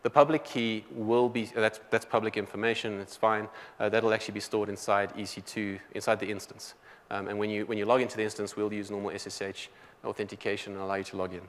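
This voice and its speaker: A man with a South African accent giving a technical conference talk, talking quickly with many fillers and restarts. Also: on the low side, flat delivery, big-room sound. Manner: quick, loose delivery full of "um" and restarts. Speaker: conference presenter. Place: large conference hall.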